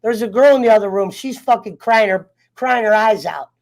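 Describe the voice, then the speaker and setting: A man's voice: sits high, normal speed. A man telling a personal story in casual chat, heated and profane, getting fired up as he talks. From United States. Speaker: round table guest.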